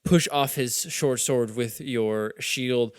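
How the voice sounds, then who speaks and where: A man narrating as game master in a tabletop game, with loose, halting narration full of fillers. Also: mid-range voice, clear, resonant tone.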